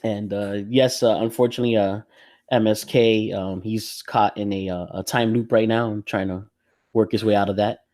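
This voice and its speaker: A man hosting a casual podcast chat, relaxed and rambling, laughing often. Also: fairly low pitch, moderate pace, no echo, clean studio sound. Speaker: podcast host.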